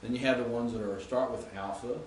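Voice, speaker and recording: A man's voice: medium pitch, fairly even intonation, a little fast, reverberant, a little hiss or hum, low-quality recording. A man teaching Greek grammar in a classroom lecture, explaining and reciting word forms.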